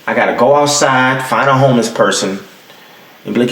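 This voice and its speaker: A man's voice: medium pitch, a little fast, echoey room. A young adult man hosting his podcast, ranting casually and profanely from home. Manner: profane, animated storytelling with acted-out quotes. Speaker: podcast host. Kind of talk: casual solo rant. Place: home room with the heat off.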